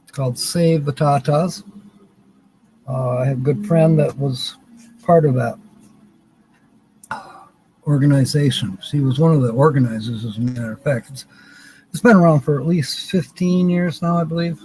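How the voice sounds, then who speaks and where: A man's voice: fairly high pitch, normal speed, long pauses, dark tone, a little hiss or hum, rough recording. Rambling, joking man hosting a live stream. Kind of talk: casual live stream chat.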